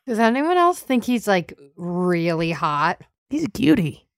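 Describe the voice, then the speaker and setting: A woman's voice: mid-range voice, very animated, a little slow, creaky, dry recording. A woman playing in a tabletop game, making dry sarcastic asides. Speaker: player. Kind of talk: casual game chat.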